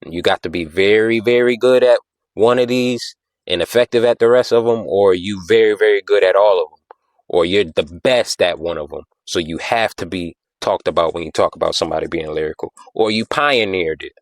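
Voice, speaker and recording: A man with a very low voice, recorded dry and close. He talks in a loose, conversational way, circling back on his points and checking in with the listener as he explains. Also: normal speed, no echo. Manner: conversational, repeats himself, frequent "you know what I'm saying"; taps out rhythms with "da da da". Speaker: podcast host. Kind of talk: casual explanatory monologue.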